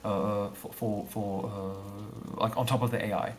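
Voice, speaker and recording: A game developer rambles through explanations during a casual livestream chat, thinking aloud with repeated fillers. His voice is lowish and unhurried, with little movement in pitch.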